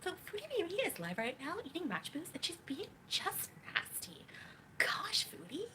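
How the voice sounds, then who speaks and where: Woman doing a squeaky mocking vlogger voice. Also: wildly swooping pitch, moderate pace, whispered, heavily acted. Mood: sneering.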